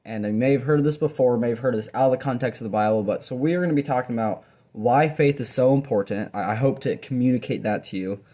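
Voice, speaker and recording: A man's voice: mid-range voice, quick pace, warm tone. A young man, a Bible college student, giving an earnest, rambling devotional talk from his dorm room, with frequent restarts and fillers. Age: young adult. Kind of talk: casual devotional talk to camera.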